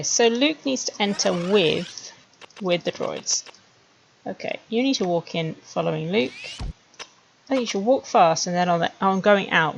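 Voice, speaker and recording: A woman streamer chatting wryly to herself as she builds animated scenes, laughing at her own jokes. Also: on the low side, creaky, slight background noise, rough recording. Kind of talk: casual commentary while making a 3D animation.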